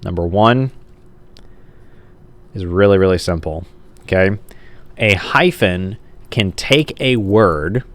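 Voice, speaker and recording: A man's voice: sits low, slow, long pauses. A male teacher giving a recorded grammar lesson, talking casually while writing on a page and often checking in with the class. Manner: casual, says "like" and checks in with "okay?". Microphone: camera mic.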